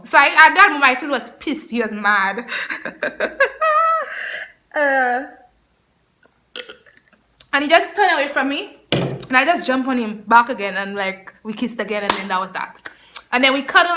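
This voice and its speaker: A young woman telling a storytime vlog in a chatty, animated way, laughing often. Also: on the high side. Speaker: vlogger.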